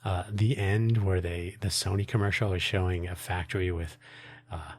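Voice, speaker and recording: A man's voice: deep voice, steady tone, normal speed, a little mellow. A man hosting his own podcast, talking in a rambling, wry way with frequent restarts and asides. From United States. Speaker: podcast host. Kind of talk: casual solo monologue.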